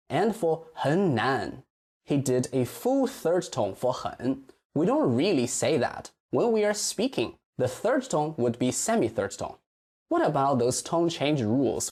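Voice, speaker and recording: Guy teaching mandarin pronunciation, very lively pitch, repeats phrases slow and clear. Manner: slow, exaggerated modeling of Chinese phrases. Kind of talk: pronunciation lesson.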